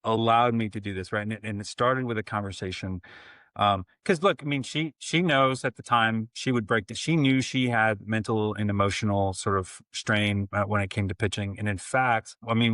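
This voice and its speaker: A man's voice: on the low side, bright, forceful tone, no room sound. A man in his forties, a coach and podcast guest, telling family stories in a casual interview and acting out the lines of the people in them. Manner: storytelling, many restarts, acts out quotes.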